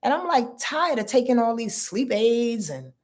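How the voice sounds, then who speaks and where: A woman's voice: a little high, big pitch swings, moderate pace. A woman in her fifties hosting a casual astrology livestream from her bed, sleepy and chatty, talking straight to her viewers in loose slang. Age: 50s. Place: lying in her bed at home.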